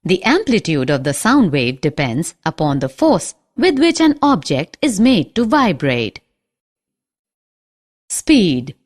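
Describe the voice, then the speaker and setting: A woman giving scripted narration for a school science lesson, reading in a clear, explanatory way. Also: fairly low pitch, very animated, slow.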